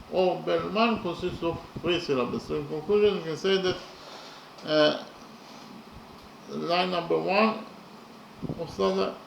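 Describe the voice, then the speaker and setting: A man explaining verse slowly and methodically, counting syllables and letters aloud with many pauses. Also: sits high, gravelly, roomy sound, slight background noise, low-quality recording. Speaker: poetry lecturer. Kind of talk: methodical spoken analysis of verse.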